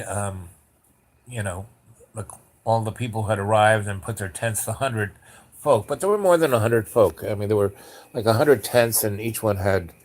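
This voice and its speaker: A man hosting a podcast, telling a story in a casual, rambling way with restarts, asides and blunt swearing. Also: fairly low pitch. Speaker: podcast host.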